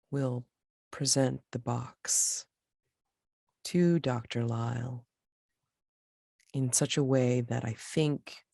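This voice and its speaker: A game master describes the scene slowly and deliberately for the players. The voice is gravelly and the recording is dry and close. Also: mid-range voice, darkish tone, dry recording. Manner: slow descriptive narration. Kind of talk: narrating a tabletop game.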